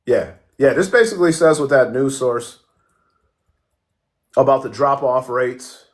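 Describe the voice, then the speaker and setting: A man's voice: mid-range voice, expressive, measured pace. Man, livestream host, casual chat, swears a lot, jokey, reads out viewer comments. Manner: profane, joking, reacts to chat.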